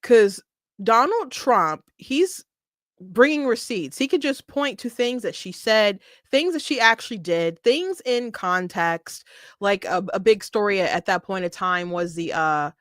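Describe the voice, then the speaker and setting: A woman's voice: medium pitch, expressive, measured pace, fairly bright tone, no room sound, clean studio sound. A woman hosting a casual political commentary monologue, opinionated, laughing often and restarting her sentences, with slight hiccups.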